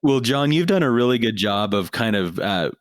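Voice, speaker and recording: A man's voice: medium pitch, expressive, normal speed, no echo, clean studio sound. A man hosting a podcast, asking his guest easygoing questions as the talk wraps up. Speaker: podcast host. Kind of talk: casual interview.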